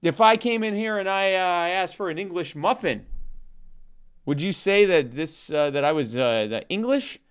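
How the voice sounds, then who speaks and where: A man's voice: high voice, lively intonation, moderate pace, smooth. A man co-hosting a podcast, telling a long stammering joke and reading an ad in a rambling comic way. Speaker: podcast co-host. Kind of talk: comedic bit and ad read.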